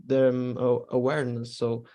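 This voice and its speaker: A man with a mid-pitched voice talks very slowly in a casual podcast chat. He speaks haltingly, restarting and searching for the right words. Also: completely flat delivery, mellow.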